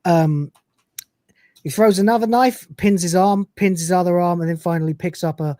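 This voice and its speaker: A man's voice: high voice, normal speed, mellow, no room sound. Chatty man rambling through a recap. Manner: chatty, rambling, laughs often. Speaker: podcast host. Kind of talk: casual episode recap.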